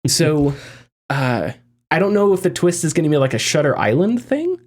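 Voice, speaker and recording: A man talking casually on a gaming podcast, animated and rambling, often restarting his sentences. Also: on the high side, normal speed. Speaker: podcast host.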